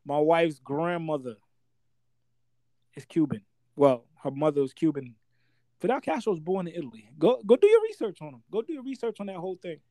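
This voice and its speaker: A man's voice: a little high, brisk, dry recording, studio quality. A man co-hosting a podcast, telling stories in casual chat and acting out quotes. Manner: animated storyteller, acts out quotes. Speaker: podcast co-host.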